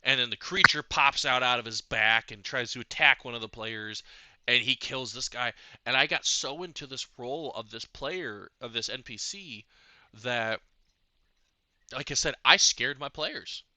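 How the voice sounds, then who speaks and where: A man co-hosting a casual podcast, telling a game story as an excitable storyteller. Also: mid-range voice, moderate pace, dry recording. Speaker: podcast co-host and game master.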